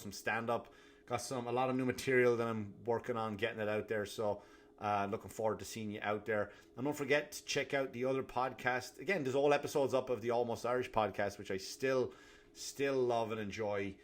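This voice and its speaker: A man hosting a comedy podcast, ranting alone in a profane, animated way. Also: lowish voice. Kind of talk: solo comedic rant.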